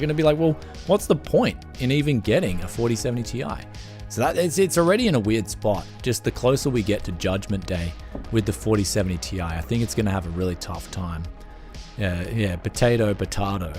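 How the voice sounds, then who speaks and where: A man with an Australian accent hosting a casual tech live stream, jokey, with frequent restarts. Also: fairly low pitch.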